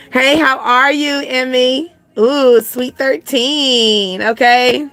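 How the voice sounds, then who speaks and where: A woman's voice: high-pitched, steady tone, takes it slowly, hardly any pauses, a bit bright. A woman hosting a casual live reading, rambling chattily and answering comments from her chat. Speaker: channel host giving intuitive readings.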